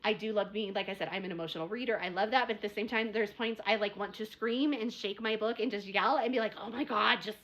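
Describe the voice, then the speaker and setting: A woman's voice: mid-range voice, quick pace, few pauses. A young adult woman chatting casually in a book review video, rambling and repeating herself as she gets worked up.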